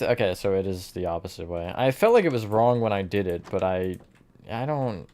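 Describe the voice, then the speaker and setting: Man, low-pitched voice, live streamer, casual chatter, self-mocking, answers chat. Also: lively intonation, normal speed, a little mellow.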